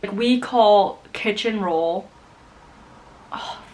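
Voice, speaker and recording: A young woman from the United States chatting casually to camera as a vlogger, animated and full of "like". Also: mid-range voice, extremely slow, rough recording. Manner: chatty, animated, heavy use of "like". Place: home in Scotland.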